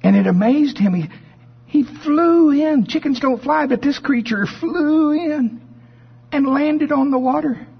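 A male preacher giving a sermon and telling a folksy story in an animated way. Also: extremely high pitch, a little slow, creaky. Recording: dull sound with long hall reverb.

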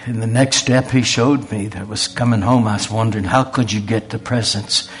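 A man's voice: lowish voice, fairly even intonation, moderate pace. A man, preaching a sermon in a folksy storytelling way. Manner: folksy storytelling with quoted voices.

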